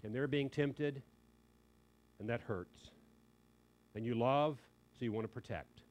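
A man preaching a sermon, emphatic and animated, dropping in quick joking asides. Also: mid-range voice.

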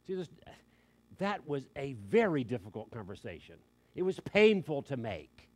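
A man's voice: mid-range voice, normal speed. An older man preaching a sermon, telling a family story in an earnest, conversational way. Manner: earnest, conversational, quoting others in lively asides.

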